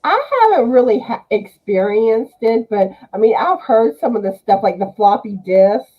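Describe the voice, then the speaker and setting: A woman chatting as a guest on a live show, easygoing and quick to laugh. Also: on the high side, animated, breathy edge, highs cut off. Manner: slow and easygoing, laughs often. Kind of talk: casual chat.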